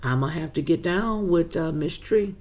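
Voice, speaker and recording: A woman's voice: low voice, animated, moderate pace, a little mellow. A woman hosting a casual livestream, reading viewer comments aloud and greeting people by name in a chatty, folksy way. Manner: talks to viewers as girl, baby and boo-boo. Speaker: livestream host.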